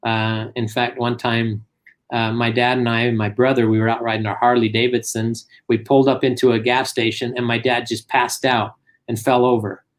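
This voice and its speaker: Middle-aged guy swapping stories about his dad, does the voices, average pitch. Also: moderate pace. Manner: animated anecdotes, acts out quotes. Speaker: guest. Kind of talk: casual storytelling.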